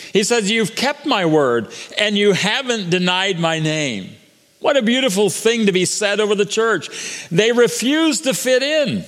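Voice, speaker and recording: A male pastor preaches with earnest conviction, often restarting and repeating himself as he builds a point. His voice sits notably high for a man. The sound carries a long reverb, as in a big hall. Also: fairly bright tone. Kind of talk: sermon.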